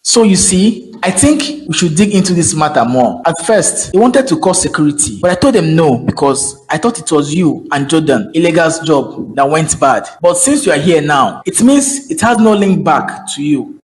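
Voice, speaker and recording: A man's voice: on the high side, expressive, moderate pace, natural voice, rough recording. A man voicing a concerned young friend in a cartoon, asking probing questions. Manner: probing, earnest.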